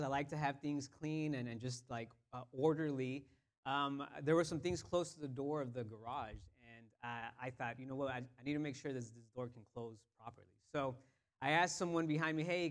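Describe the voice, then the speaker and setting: Male pastor, average pitch, relaxed conversational sermon with fillers, livens up when telling his story.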